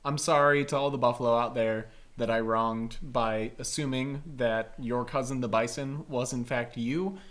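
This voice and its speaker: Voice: mid-range voice, fairly even intonation, normal speed, few pauses, a bit bright. Camp podcast host, casual chat, rambling, jokey, lots of fillers.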